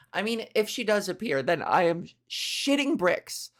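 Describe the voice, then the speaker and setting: A woman podcast host doing a comedic monologue, crude and animated, acting out little scenes. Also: mid-range voice, unhurried, hardly any pauses. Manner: animated, crude, acts out voices.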